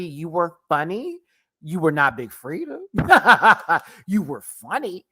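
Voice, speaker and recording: A man's voice: on the high side, big pitch swings, a little slow, pushed and bright. A man casually reviewing a drag show on a livestream, sassy and slangy, laughing often and playfully exaggerating.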